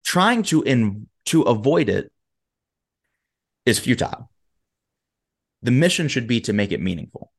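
A man who is a motivational speaker, guesting on a talk show, telling a story in an animated way and acting out its characters. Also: mid-range voice, a little slow, long pauses, slightly rough.

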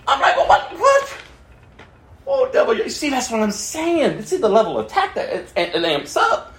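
A male pastor preaching a sermon in an animated way, laughing and acting out quotes in shifting voices. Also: extremely high pitch, brisk, reverberant.

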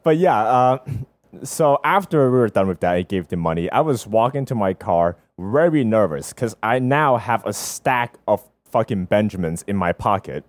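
A young man co-hosting a podcast, telling an animated story with plenty of swearing and laughter. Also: fairly low pitch, moderate pace, no echo. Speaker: podcast co-host. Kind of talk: casual chat.

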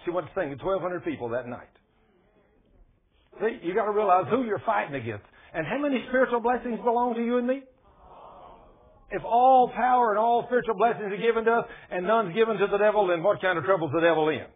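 A man preaching in a folksy, colloquial style and spinning lively personal stories. His voice sits high for a man. The sound is thin and tinny, like a radio broadcast heard over a phone line. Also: a little fast. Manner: folksy, colloquial, animated storytelling. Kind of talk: folksy sermon with storytelling.

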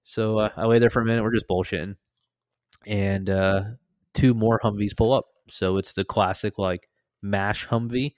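A man casually telling a story on a podcast, laughing, swearing and acting out loud shouted quotes. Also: normal speed, no echo. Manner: animated, acts out quoted voices with loud high shouts.

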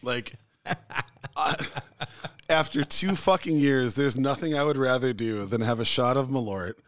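A man co-hosting a podcast, chatting in a relaxed, jokey way and laughing easily. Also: mid-range voice, a little slow. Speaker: podcast co-host. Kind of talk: casual chat.

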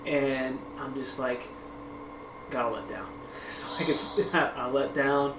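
A man hosting a podcast, telling a story in a casual, animated way, swearing freely and laughing often. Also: medium pitch, slow pace. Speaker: podcast host. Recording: echoey room with background noise.

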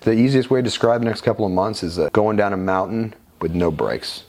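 Deep-voiced man telling his story. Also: lively intonation, fairly quick, a little mellow. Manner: frank, conversational, casually profane. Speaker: interview guest. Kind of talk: candid personal storytelling.

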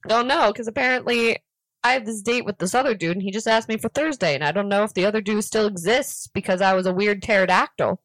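A woman's voice: mid-range voice, fast talker, no room sound, low-quality recording. A woman co-hosting a podcast, telling dating stories in casual, giggly chat. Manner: animated, giggly storytelling. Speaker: podcast co-host.

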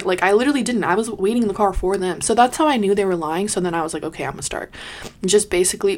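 A woman's voice: medium pitch, rapid-fire. A woman in her twenties telling a personal story on her vlog, swearing bluntly and filling her talk with "like" and "you know". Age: 20s. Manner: acts out quoted people in lively bursts. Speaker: vlogger.

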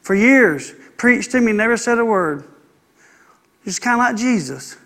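A man's voice: high voice, expressive, unhurried, pushed and bright. A middle-aged man, a pastor preaching a sermon in a folksy, conversational way with playful asides.

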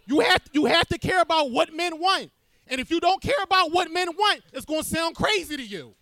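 A man's voice: very high voice, expressive, a little fast, bright, forceful tone, dry recording. A man hosting a live podcast debate, talking in a blunt, emphatic and profane way. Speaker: podcast host.

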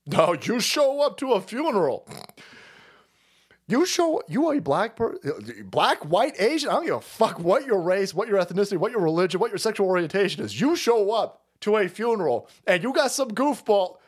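A man's voice: high-pitched, normal speed, breathy edge. A man in his forties hosting a livestream, ranting casually with lots of swearing and frequent laughter. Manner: profane, laughs often, animated outbursts. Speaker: livestream host.

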